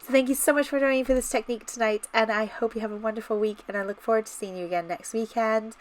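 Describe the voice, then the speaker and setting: A woman's voice: on the high side, fairly even intonation, fast talker, few pauses, slight background noise. A woman hosting a casual card-making tutorial, talking chattily and enthusiastically straight to the viewer as she shows her work. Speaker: card-making channel host. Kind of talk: casual craft tutorial walkthrough.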